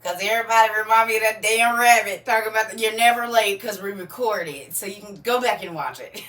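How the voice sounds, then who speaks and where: A woman hosts a casual live stream, talking straight to her viewers in a chatty, half-preachy way and laughing often. Her voice is bright and sharp, with a middling pitch. She sits a little back from the microphone, so she sounds slightly distant. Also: quick pace.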